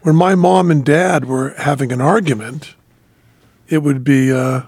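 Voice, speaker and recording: A middle-aged man hosting a podcast, speaking in a halting, mild way with dry quips. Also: a little high, a little mellow, slightly rough, no echo. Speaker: podcast host. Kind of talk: casual interview chat.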